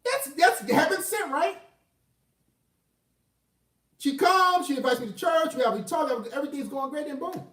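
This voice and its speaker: A man tells a story casually, cursing freely and jumping from loud outbursts to low mutters. His pitch swoops widely. He sits away from the mic in a room with a roomy echo. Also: normal speed, long pauses, distant mic. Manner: animated and profane, swinging between loud outbursts and low mutters. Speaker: vlogger telling a personal story.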